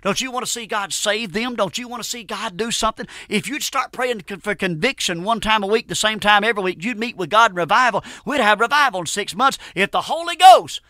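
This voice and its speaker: A male preacher delivering a fervent radio sermon, emphatic and rising to loud bursts, often restarting and repeating words. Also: high-pitched, expressive, a little fast, few pauses, no echo, clean studio sound.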